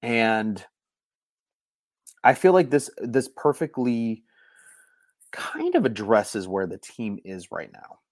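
A man's voice: mid-range voice, big pitch swings, takes it slowly, long pauses, no room sound. A young man hosting a late-night live stream from home, keeping his voice down so he won't wake the household, rambling and repeating himself as a frustrated fan. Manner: hushed voice to avoid waking people.

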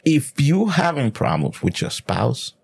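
A man co-hosting a podcast in casual chat, telling stories in a profane, animated way. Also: mid-range voice, unhurried, vocal fry, breathy edge. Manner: profane, animated storytelling, many restarts. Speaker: podcast co-host.

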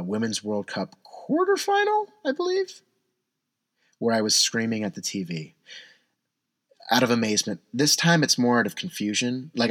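A man's voice: fairly low pitch, a bit bright, husky, dry recording. A young man talking in a rambling, self-deprecating casual monologue, often restarting his sentences.

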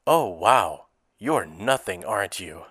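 A man voicing an automated romance phone line in a comedy sketch, reading its menu in a smooth, even way. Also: low voice, takes it slowly, no room sound, clean studio sound, pitched below the performer's own voice, full character voice. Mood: cutting. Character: sleek automated romance hotline voice, smooth and callous.

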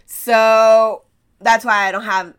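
A woman's voice: on the high side, level tone, slow, clear, resonant tone. A woman with an American accent, a native Spanish speaker, hosting a podcast in a casual motivational monologue, telling stories with rhetorical questions and laughing at herself. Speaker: podcast host.

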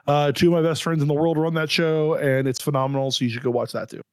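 A male podcast guest whose voice sits a little higher than usual. He jokes in a wry, deadpan way, and the sound is close and dry with no room around it. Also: fast, smooth, no room sound. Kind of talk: casual podcast chat.

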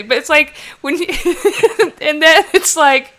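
A woman's voice: high voice, measured pace, bright, forceful tone. A woman co-hosting a podcast, talking in a rambling, emphatic way and laughing often. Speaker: podcast co-host. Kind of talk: casual conversation.

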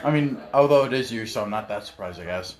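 A young woman with a low voice speaks in a dry, teasing way. Her pitch still moves a lot as she talks. She sounds relaxed among friends. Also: quick pace, a crowd in the background. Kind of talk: casual group chat.

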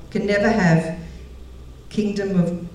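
A woman's voice: medium pitch, steady tone, a little slow, mellow. A middle-aged woman speaking at a women's gathering, telling stories, laughing often and acting out the voices of the people she quotes. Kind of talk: sermon. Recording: very echoey hall, voice heard from a distance.

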